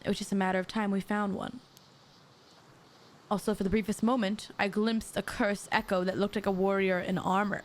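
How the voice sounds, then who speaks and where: A woman streaming a mystery game, reading the dialogue aloud and breaking off into excitable, jokey asides to her chat. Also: mid-range voice, moderate pace, pauses often, faint music behind. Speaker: VTuber streamer.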